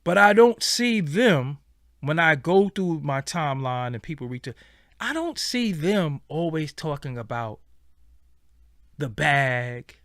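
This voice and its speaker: Blunt, animated man ranting casually. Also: on the high side, takes it slowly, no echo, studio quality. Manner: blunt, profane, animated storytelling. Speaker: show host. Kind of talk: casual commentary monologue.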